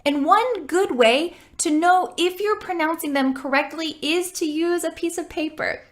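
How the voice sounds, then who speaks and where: High-voiced woman teaching pronunciation. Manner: slow, deliberate modeling of sounds; clear, encouraging teacher. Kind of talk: pronunciation lesson.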